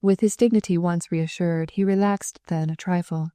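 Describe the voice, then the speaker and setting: Mellow woman reading an audiobook. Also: fairly low pitch, no room sound, studio quality. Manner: measured, expressive reading. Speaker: audiobook narrator. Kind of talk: storybook narration.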